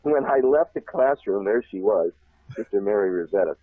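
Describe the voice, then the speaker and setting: Male interview guest, low husky voice, animated rambling storyteller, phone-line audio. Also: moderate pace, dry recording. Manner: laughs often, repeats himself, animated. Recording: tinny phone line, dry.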